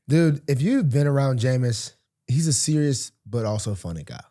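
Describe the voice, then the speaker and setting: A young football player co-hosting a podcast trades casual banter, telling stories animatedly and acting out quotes. His voice is medium in pitch at a moderate pace.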